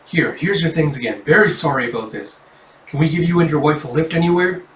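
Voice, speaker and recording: A man's voice: a little high, brisk, a bit bright, a little hiss or hum, close to an everyday voice. A man voicing a flustered male police officer who stammers deferential apologies, heard in a roomy recording from some distance off the mic. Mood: apologetic.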